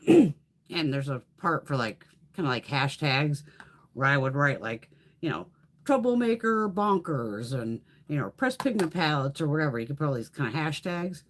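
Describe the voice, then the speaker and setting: A woman with a lowish, husky voice chats casually on her beauty livestream. She tells stories in a lively, swinging tone and swears constantly. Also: moderate pace. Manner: animated storytelling with frequent swearing. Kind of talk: casual chat.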